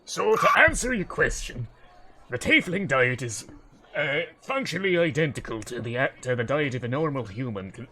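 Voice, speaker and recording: A man's voice: mid-range voice, lively intonation, moderate pace, sharp tone. A man narrating as game master of a streamed tabletop game.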